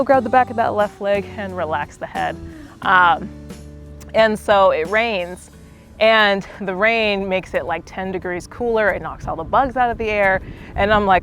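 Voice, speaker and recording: A young woman talks viewers through a stretching workout and breaks into an animated travel story between cues. Her voice sits at a mid pitch, chatty and conversational, and soft music plays faintly behind her. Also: moderate pace. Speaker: fitness instructor. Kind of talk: casual storytelling while leading a workout.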